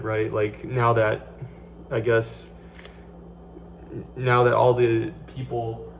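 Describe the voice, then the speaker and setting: A man rants about work while he cooks, his talk full of fillers, restarts and curses. He sits some way off from a phone mic in a home kitchen. Running tap water and kitchen clatter come through clearly behind him. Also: mid-range voice, fairly even intonation, slow pace, pauses often, distant mic, slight background noise, rough recording. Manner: rambling, profane, many fillers and restarts. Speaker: vlogger. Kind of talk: casual venting monologue. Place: home kitchen, cooking at the stove.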